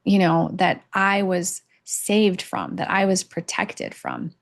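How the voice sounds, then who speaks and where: A middle-aged woman talks to her camera in an unscripted personal vlog, unguarded and halting, pausing often and filling gaps with fillers. Her voice sits low and carries a gravelly edge. She gropes for words as she goes. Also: expressive. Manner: halting and candid, with many pauses and fillers. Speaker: vlogger sharing a personal reflection. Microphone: camera mic.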